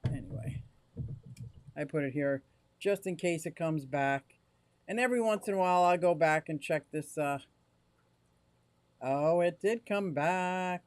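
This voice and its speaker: A chatty, excitable man livestreaming from his home fish room into a directional mic, talking to viewers while fiddling with his gear. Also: fairly high pitch, measured pace, long pauses, clear, resonant tone, no echo. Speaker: aquarium hobbyist livestreamer. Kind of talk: casual live stream chat to viewers. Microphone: directional microphone.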